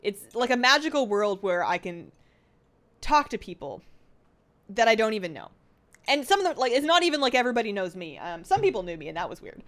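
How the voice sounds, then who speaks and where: A woman's voice: a little high, very animated, a little fast, fairly bright tone. Young woman streamer, casual at-home chat, rambling and self-deprecating, lots of ums and restarts. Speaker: livestream host. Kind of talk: casual chat reading viewer comments. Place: home apartment.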